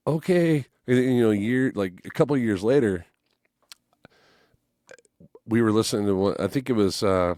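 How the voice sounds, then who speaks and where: A man's voice: lowish voice, normal speed, long pauses, darkish tone, dry recording, clean studio sound. A man in his forties, a musician guest on a podcast, telling stories casually, acting out voices and swearing freely. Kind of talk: casual storytelling chat.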